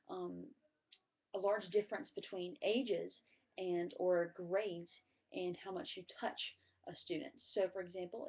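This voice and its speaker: Woman with a gravelly, husky low voice. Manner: conversational, many fillers like um. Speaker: student presenter. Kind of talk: class presentation on communication. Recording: muffled lo-fi recording.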